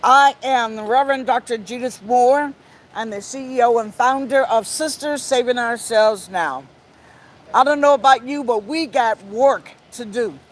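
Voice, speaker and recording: A woman who founded an advocacy group, opening a press conference with a rallying speech that slows down for emphasis. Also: fairly high pitch, poor audio.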